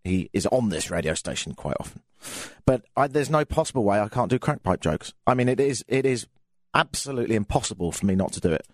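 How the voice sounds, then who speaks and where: A man's voice: fairly low pitch, expressive, fast, no echo, studio quality. An English man hosting a live radio show, chatting casually with a sardonic, jokey tone and lots of fillers. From England. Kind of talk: casual comedic radio monologue.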